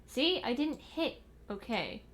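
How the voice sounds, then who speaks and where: Streaming a building game from her home computer, a young woman chats casually, muttering to herself and scolding her cat with exasperated asides. She speaks unhurriedly with vocal fry at a medium pitch, and there's slight background noise.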